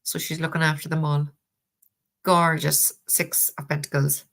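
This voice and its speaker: A woman's voice: deep voice, level tone, a little slow, vocal fry, a bit bright. A woman with a Cork Irish accent chatting casually on a live stream, laughing often and swearing freely while reviewing a tarot deck. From Ireland.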